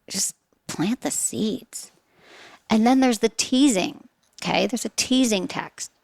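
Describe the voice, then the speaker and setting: A woman's voice: mid-range voice, animated, moderate pace, gravelly, no room sound. A woman hosting a podcast, giving chatty sex advice with frequent rhetorical questions. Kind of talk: casual advice talk.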